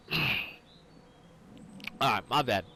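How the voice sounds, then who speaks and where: A man's voice: mid-range voice, lively intonation, extremely slow, bright, forceful tone, a little hiss or hum, poor audio. A tipsy man, rambling and swearing through casual game commentary after some whiskey. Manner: rambling and profane. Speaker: gaming commentator.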